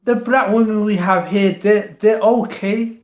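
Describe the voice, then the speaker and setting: Guy on a video call, kinda high voice, stumbles and restarts a lot, echoey muffled sound. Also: steady tone, measured pace. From England. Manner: hesitant, many restarts and fillers. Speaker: guest. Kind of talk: casual chat.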